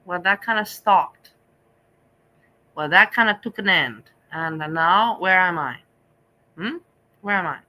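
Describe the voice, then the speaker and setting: Middle-aged female host, confessional and repetitive, bright edge to the voice. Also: on the low side, slow pace, pauses often, poor audio. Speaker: vlog host. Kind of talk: candid casual chat.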